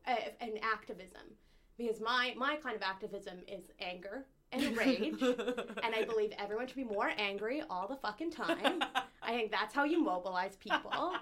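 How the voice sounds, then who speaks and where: Woman, slight lisp, casual podcast chat, blunt, swears a lot, heated opinions, middle pitch. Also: a bit bright. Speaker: co-host candidate.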